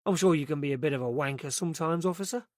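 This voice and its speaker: A nonchalant, smirking young man voiced by a male narrator in an audiobook crime story. The voice is a little raised in pitch, and the recording is dry and close. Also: very fast, no echo, natural voice. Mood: cocky. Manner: cocky, nonchalant. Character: cocky wiry young man, smirking suspect.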